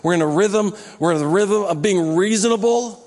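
A man's voice: high voice, normal speed, darkish tone, long reverb tail. A man preaching a sermon as pastor, with a conversational, joking manner that rises into emphatic exhortation. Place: church sanctuary.

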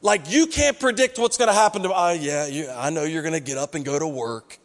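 Speaking a little high and fairly quickly, this pastor delivers a conversational sermon in a church hall. He brings quoted remarks to life by acting out what people say.

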